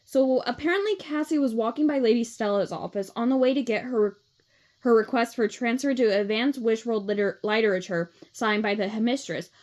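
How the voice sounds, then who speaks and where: A woman's voice: on the high side, a little fast, a little mellow, natural voice. A woman voicing a cheerful young girl guitarist, talking in a chatty way.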